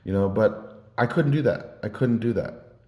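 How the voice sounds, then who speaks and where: Mellow low-voiced man rambling casually. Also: normal speed. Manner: meandering storytelling with many fillers and restarts. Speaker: vlogger. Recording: roomy echo.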